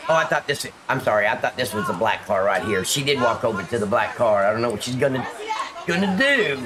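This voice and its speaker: A man's voice: mid-range voice, animated, fast, crowd noise. A middle-aged man reacting to a police video, indignant and sarcastic, swearing often. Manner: indignant, profane, sarcastic ranting. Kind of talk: reaction commentary.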